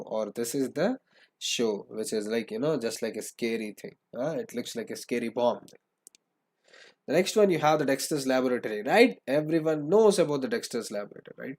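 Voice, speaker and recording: A man's voice: mid-range voice, darkish tone. Young guy teaching online, keeps saying right? and repeating himself. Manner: frequent "right?" tag questions, repeats phrases. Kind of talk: lecture to students.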